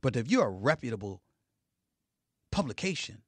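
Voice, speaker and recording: A middle-aged man giving heated sports commentary, emphatic, swinging between loud declarations and low, intense remarks. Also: sing-song, moderate pace, slightly rough, no room sound.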